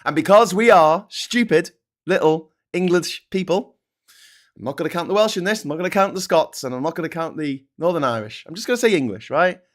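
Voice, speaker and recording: A man delivering a profane, sardonic political rant. His voice is fairly high and swings widely in pitch. He jabs at his targets with mocking asides. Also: animated, brisk. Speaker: political commentary vlogger. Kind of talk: ranting political commentary.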